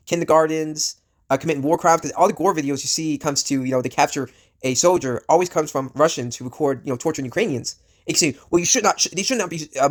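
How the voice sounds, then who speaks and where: Sick man ranting with a raised voice. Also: fairly high pitch. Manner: rambling, full of fillers and restarts, blunt and profane. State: sick, coughing. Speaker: vlogger. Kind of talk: casual ranting commentary.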